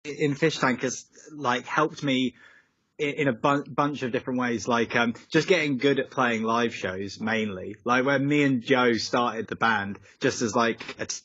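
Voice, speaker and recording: A man's voice: mid-range voice, moderate pace, a bit bright, no echo. Rambling guy on a call. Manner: rambling, goes off on tangents, many fillers. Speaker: musician guest. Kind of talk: casual chat over a video call. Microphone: video call. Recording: slightly dull, dry call audio.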